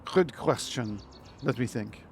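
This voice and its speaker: Streamer doing a mock-French fussy big-brother bird, soft and a bit effeminate, mid-pitched. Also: male voice, slow, music in the background. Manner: soft, slightly effeminate delivery.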